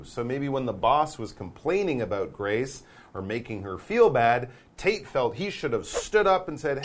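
Playful, animated male English teacher. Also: medium pitch, normal speed, hardly any pauses, slight background noise. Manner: playful, acts out examples. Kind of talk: casual explanatory lesson talk.

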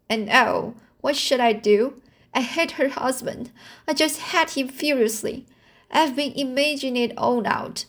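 A passionate, overdramatic young girl, as a woman reader puts her on, pouring out her heart in a tearful, gushing rush. Her voice climbs higher than the reader's own, with halting stops and restarts, and the delivery stays slow and drawn out. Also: lightly acted.

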